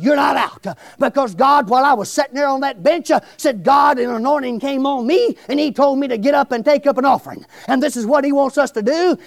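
A middle-aged man, preaching a testimony sermon in a loud, exclamatory way, often shouting. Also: very high-pitched, vocal fry, no room sound. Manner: shouting, exclamatory, breaks into laughs.

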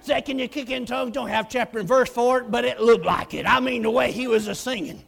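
A man preaching a lively story, acting out voices and often shouting. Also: extremely high pitch, fairly quick, gravelly, husky. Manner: animated, acts out voices, shouts and laughs. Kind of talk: storytelling sermon.

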